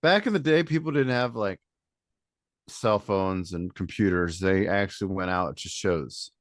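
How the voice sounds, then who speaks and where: A man's voice: deep voice, measured pace, no echo, clean studio sound. A man from Michigan, a band member guest, talking in a laid-back, rambling way in a casual interview.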